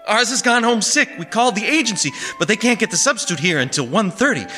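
A man voicing an impatient, brusque male store manager who talks in rapid, exasperated bursts. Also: on the high side, sing-song, pushed and bright, pitched above the performer's own voice. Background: music.

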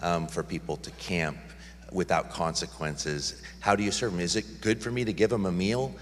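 A man's voice: low voice, fairly even intonation, normal speed, slight background noise. A middle-aged man, a pastor, answering questions in an earnest, rambling way with many restarts. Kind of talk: church Q&A talk. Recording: long hall reverb.

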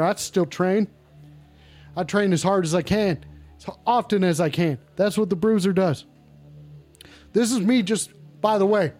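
A man's voice: high-pitched, darkish tone. A man hosting a comedic call-in show in character, brash and profane and often repeating himself. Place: indoors at home.

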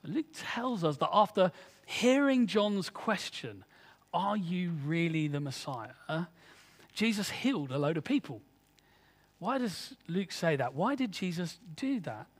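High-voiced preacher in a reverberant hall. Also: male voice, sing-song, unhurried, breathy edge. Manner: conversational, earnest preaching with rhetorical questions. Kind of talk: sermon.

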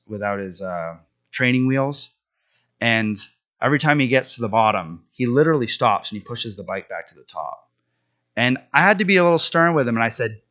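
A pastor in his thirties delivers his sermon as an earnest, conversational story. His voice sits at an ordinary middle pitch. The recording is dull and lo-fi. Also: pushed and bright. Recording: dull lo-fi sound.

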